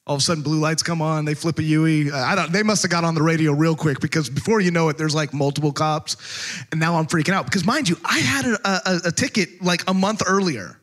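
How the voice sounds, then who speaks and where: A man preaching, telling a comic story and acting out the voices in it. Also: a little high. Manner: animated, comic, acts out voices. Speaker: pastor. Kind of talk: storytelling sermon.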